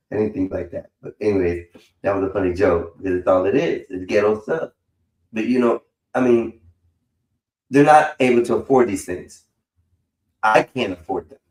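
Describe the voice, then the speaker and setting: Stream host, male, lowish voice, swears freely and rambles through stories, roomy echo on the mic. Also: normal speed, long pauses. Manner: profane, rambling, animated storytelling. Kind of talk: casual call-in chat.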